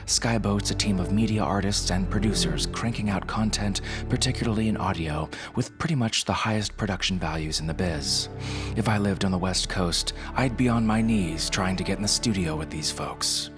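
A very deep-voiced man introduces the show in a chatty, enthusiastic way, with a loose, informal delivery. Music plays clearly underneath him. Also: normal speed. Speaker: podcast host.

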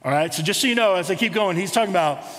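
High-voiced male pastor preaching. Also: rapid-fire, a bit bright, long reverb tail. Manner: conversational preaching with rhetorical questions. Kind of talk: sermon.

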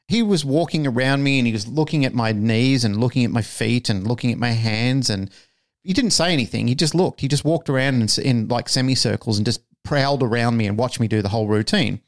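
A man's voice: medium pitch, brisk. A man co-hosting a podcast, telling a story casually and animatedly, swearing freely and acting out the lines he quotes. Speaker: podcast co-host.

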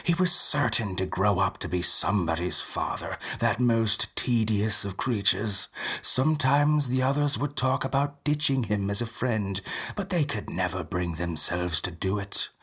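A man narrating a spooky story in a soft, half-whispered manner. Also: fairly low pitch, gravelly, husky.

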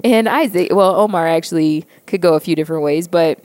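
An American woman co-hosting a casual chat, frank and quick to laugh, swearing freely. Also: on the low side, a little mellow, no room sound. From United States.

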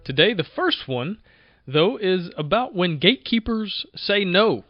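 A man hosting a podcast, talking in an energetic, conversational way and often repeating himself as he goes. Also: high-pitched, a little slow, no room sound, highs cut off, faint music behind. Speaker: podcast host. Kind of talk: casual motivational monologue.

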